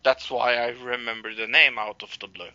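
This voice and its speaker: A man recapping a show in casual chat, halting, with many fillers and acted-out quotes. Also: mid-range voice, steady tone, pushed and bright, dry recording, highs cut off. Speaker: podcast co-host recapping a show.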